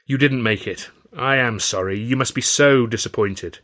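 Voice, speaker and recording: A man voicing a kindly, sympathetic young male comedian in a story reading, confiding and gentle. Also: mid-range voice, normal speed, lightly acted. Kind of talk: storybook character voice.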